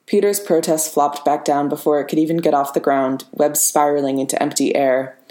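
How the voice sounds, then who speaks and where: A woman narrating a story as an audiobook in a steady, measured reading. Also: sits low. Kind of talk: audiobook narration of fan fiction. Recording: roomy reverberant room.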